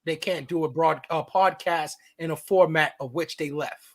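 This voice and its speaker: A man with a Brooklyn accent co-hosting a podcast in casual chat, profane, with loud outbursts and drawn-out emphasis. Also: a little high, steady tone. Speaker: podcast co-host.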